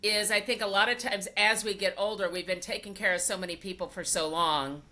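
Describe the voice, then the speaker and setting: A woman's voice: medium pitch, fairly even intonation, fairly quick, sharp tone. An older woman hosting a podcast interview, chatting casually with many fillers and easy laughter. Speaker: podcast host.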